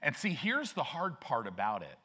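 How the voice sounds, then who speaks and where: A man's voice: mid-range voice, wildly swooping pitch, moderate pace, sharp tone, breathy edge. A man preaching a sermon as pastor, emphatic and repetitive, with frequent restarts.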